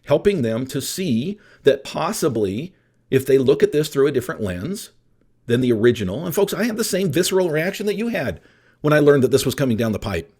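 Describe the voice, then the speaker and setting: A middle-aged man's slightly high, sing-song voice moves briskly, a bit mellow and slightly rough. Hosting his solo podcast as an appraisal coach, he talks straight to listeners in an emphatic, blunt way.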